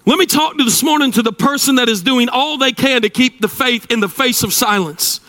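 A man preaching a sermon as pastor, shouting and then dropping to hushed tones in a repetitive preaching cadence. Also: very high voice, brisk. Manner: shouting, dramatic swings between loud and hushed.

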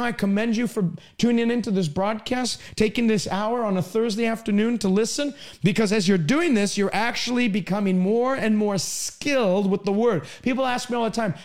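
A man preaching a broadcast sermon, emphatic, swinging between raised pleading lines and low, quieter asides.

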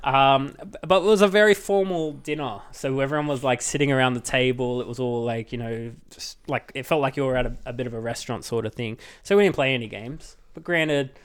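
A man co-hosting a board game podcast, telling a story in a casual, animated way and laughing often. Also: mid-range voice, a little fast, few pauses, clear, resonant tone. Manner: laughs often, animated retelling with acted quotes. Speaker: podcast host.

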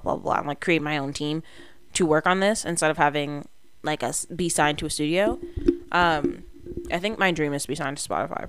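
A young woman hosts her own podcast alone, thinking out loud in a candid, rambling way. Her voice sits a little low and sounds smooth and resonant. The mic is close and dry, with no room sound. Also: no room sound. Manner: candid, rambling self-talk. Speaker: podcast host. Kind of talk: solo podcast monologue.

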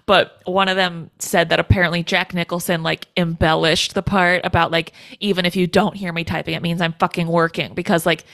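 A woman's voice: fairly low pitch, little pitch movement, brisk, few pauses, fairly bright tone, dry recording. Blunt swearing woman podcaster. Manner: blunt, outraged, swears freely. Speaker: podcast co-host. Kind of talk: casual chat.

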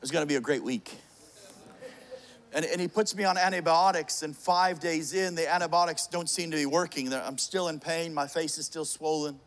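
A man's voice: a little high, steady tone, normal speed, fairly bright tone. A middle-aged man preaching a sermon, telling a funny personal story with jokes and many restarts. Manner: joking, storytelling, frequent restarts.

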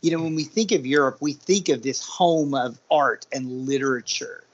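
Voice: medium pitch, moderate pace. A podcast co-host building a thoughtful point in a casual movie discussion. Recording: muffled lo-fi sound.

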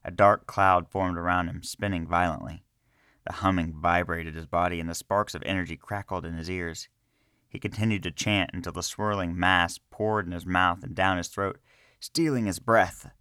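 A man reading a fantasy story aloud in a slow, measured way. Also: sits low, steady tone, sharp tone, clear, resonant tone, no echo, studio quality. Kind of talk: scripted narration of a fantasy story.

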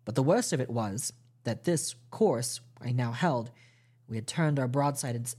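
A man narrating a classic adventure novel aloud at a steady, measured pace, with small restarts. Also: mid-range voice, husky. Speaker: podcast host reading a novel aloud. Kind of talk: audiobook storytelling narration.

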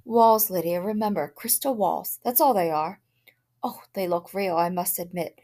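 A calm husband from a storybook reading, steady and matter-of-fact as he soothes his wife, read by a woman in nearly her own voice. His tone is even and reassuring. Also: on the low side, normal speed, lightly acted.

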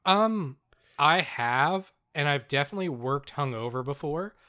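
A man co-hosting a podcast, with a bright, forceful voice that sits a bit high. He tells stories in an animated way, breaks into laughter often and swears freely. The talk is loose, casual chat between friends. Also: a little slow. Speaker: podcast co-host.

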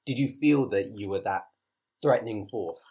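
A man interviewing a guest, asking measured, inquisitive questions with short pauses. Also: on the low side, warm tone, a little hiss or hum.

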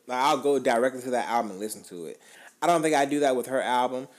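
A man's voice: mid-range voice, fast talker. Laid-back slangy man talking music. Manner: laid-back slangy talk, swears freely. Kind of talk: casual chat about music.

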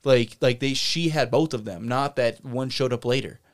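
A man's voice: mid-range voice, moderate pace. A man co-hosting a podcast, casually retelling a story in a rambling way and acting out the quotes. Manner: rambling, retells stories with animated quoted voices. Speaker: podcast co-host. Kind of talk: casual chat.

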